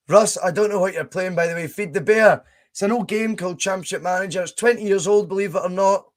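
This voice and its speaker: A young Scottish man hosting a casual live stream, chatting, laughing and reading out viewer comments as he plays. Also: fairly high pitch. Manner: chatty, laughs often, reads chat aloud. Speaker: podcast host streaming a game.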